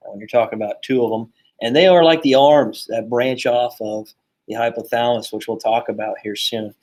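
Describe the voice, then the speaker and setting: A man teaching a psychology lesson in a casual, chatty way, full of fillers and joking asides. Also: mid-range voice. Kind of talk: casual classroom lecture.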